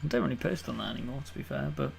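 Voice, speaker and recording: Gravelly young man bantering. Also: mid-range voice, rapid-fire, crowd noise. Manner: banter, laughs at his own jokes. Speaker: podcast co-host. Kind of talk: casual chat.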